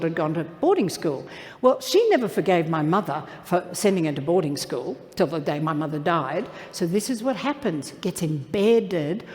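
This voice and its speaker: A woman's voice: mid-range voice, a little mellow. A middle-aged woman giving a motivational keynote, playful and talking straight to her audience from the stage. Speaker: keynote speaker. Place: large event hall. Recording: reverberant hall.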